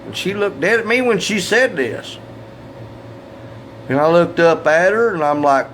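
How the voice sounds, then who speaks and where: High-voiced folksy storyteller. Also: male voice, animated, a bit bright, slight background noise. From Southeast Missouri. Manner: folksy, salty, drawn-out punchlines. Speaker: comedic storyteller. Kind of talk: comic storytelling monologue.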